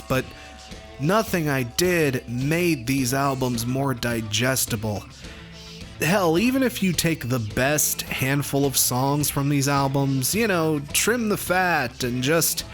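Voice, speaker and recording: An exasperated man grumbles his way through a profane comedic music review. He talks slowly, sits a little high in pitch, and keeps swearing in disgust while faint music plays under his voice. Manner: exasperated, swearing, deadpan complaints. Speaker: album review host.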